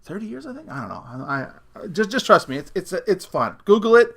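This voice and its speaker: Middle-aged guy doing a comedy rant on his podcast, highish voice, mocking tone, keeps cracking up laughing. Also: big pitch swings, fairly quick, vocal fry, fairly bright tone. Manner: laughs often between sentences; sarcastic, mocking tone. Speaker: podcast host.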